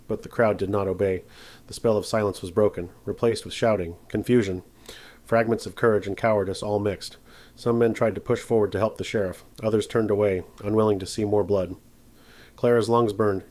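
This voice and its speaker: A man giving a measured, dramatic scripted narration of a story. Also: lowish voice, a little mellow.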